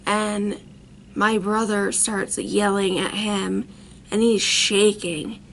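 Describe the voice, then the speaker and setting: In a storytime monologue, a vlogger in her thirties wanders through a personal anecdote, full of fillers. She speaks slowly and flatly in a mid-range, creaky voice, and there's a faint hiss or hum.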